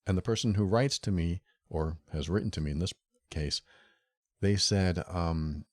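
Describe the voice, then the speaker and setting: A man's voice: sits low, normal speed, a little mellow, dry recording, studio quality. A man hosting a solo podcast, talking earnestly and directly to the listener, often repeating his key phrases. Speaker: podcast host. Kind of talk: solo podcast talk on relationships.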